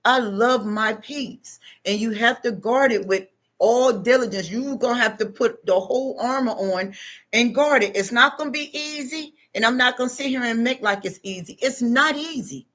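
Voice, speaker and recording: A woman's voice: a little high, moderate pace, a bit bright. A middle-aged woman, a spiritual self-help vlogger, giving an emphatic, unscripted motivational talk straight to her viewers. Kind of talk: unscripted motivational monologue to followers.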